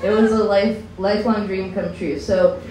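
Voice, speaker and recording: A woman doing stand-up on a lounge stage, chatty and loose, laughing through her own lines. Her voice is mid-pitched and comes from some distance in an echoey room, with faint ambience behind it. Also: fairly even intonation, moderate pace, over a noisy crowd. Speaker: stand-up comedian. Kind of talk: stand-up comedy set. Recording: echoey room, mic from far.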